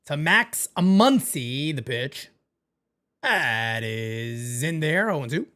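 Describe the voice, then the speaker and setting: Profane, animated baseball stream host. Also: female voice, slow. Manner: animated, profane, trails off into low mutters. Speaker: live baseball watch-party streamer. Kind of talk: casual live-stream commentary.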